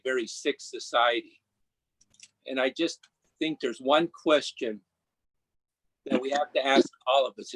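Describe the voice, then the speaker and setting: An older man from Minnesota giving earnest, deliberate remarks as a city council member at a meeting, often stopping to restart his words. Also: medium pitch, a bit bright, no room sound. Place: council chamber.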